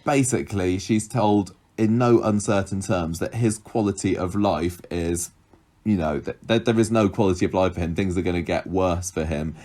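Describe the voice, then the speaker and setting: A man's voice: sits low, moderate pace, mellow. A man co-hosting a podcast, recapping a soap in casual chat and acting out the characters' lines. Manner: chatty, acts out characters' lines with laughs. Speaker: podcast co-host.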